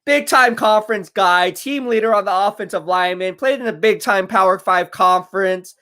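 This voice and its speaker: High-voiced man laughing through live commentary. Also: no echo, clean studio sound. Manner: laughing, boastful, quick bursts of excitement. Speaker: live stream host. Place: home live stream.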